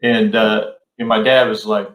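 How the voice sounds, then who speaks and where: Brief: middle-aged male host, easygoing rambling storyteller, lowish voice, echoey room. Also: level tone, measured pace, fairly bright tone. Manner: laid-back, rambling with many fillers. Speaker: podcast host. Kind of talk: casual storytelling chat. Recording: roomy echo.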